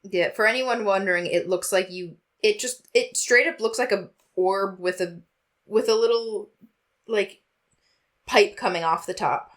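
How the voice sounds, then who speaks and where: A woman's voice: medium pitch, unhurried. A woman co-hosting a casual podcast, making self-deprecating jokes and wisecracks. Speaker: podcast co-host. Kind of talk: casual chat.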